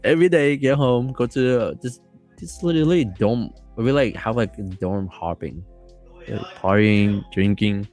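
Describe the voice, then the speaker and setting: A man as a podcast guest telling a story casually, rambling and excited, with many fillers and restarts. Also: medium pitch, measured pace, faint music behind.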